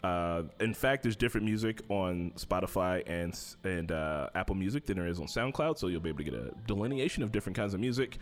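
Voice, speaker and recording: A man's voice: low-pitched, lively intonation, fast, few pauses. A young man, a podcast guest in casual interview chat, laid-back and jokey with many fillers.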